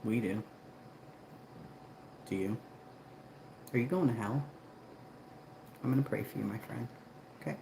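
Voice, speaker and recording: A woman hosting a casual livestream from home, chatting with viewers and laughing often, then coaxing her dogs inside in a high voice. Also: measured pace, gravelly, long pauses. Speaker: livestream host. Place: at home, indoors. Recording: very echoey room with background noise.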